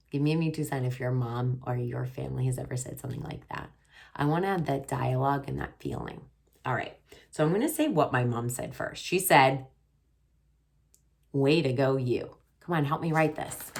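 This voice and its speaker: Woman kindergarten teacher, low voice, unhurried delivery, teaching writing to little kids on camera from home. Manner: slow, sounding out words and letters for children; exaggerated expressive reading aloud. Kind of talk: remote writing lesson for young children. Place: home, recorded for online class.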